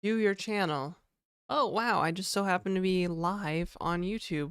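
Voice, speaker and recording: Young man, slightly nasal voice, smooth and clear, dry close sound, rambling casual chat. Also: high-pitched, a little slow, a bit bright, no room sound. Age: young adult. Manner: chatty and rambling, greeting viewers by name. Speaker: livestreamer and game developer.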